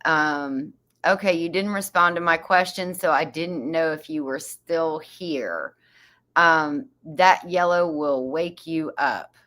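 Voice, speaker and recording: Slow, bright-toned chatty woman. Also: low voice. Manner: chatty, laughs often, reads comments aloud. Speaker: livestream host reading viewer comments. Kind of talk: casual chat.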